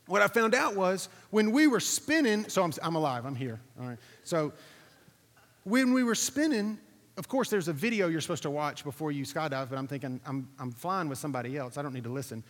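Animated preacher telling a story in a hall. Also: male voice, on the high side, a little fast. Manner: animated storytelling, acting out quotes, asking the audience. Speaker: pastor. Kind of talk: sermon with a personal story. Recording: reverberant hall recording.

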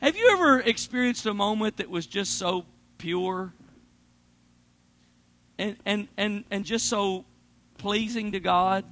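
Brief: high-pitched man preaching, lively, dynamic swings. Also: slow, long pauses. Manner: animated preaching, swings between loud and hushed. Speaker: pastor. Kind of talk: sermon.

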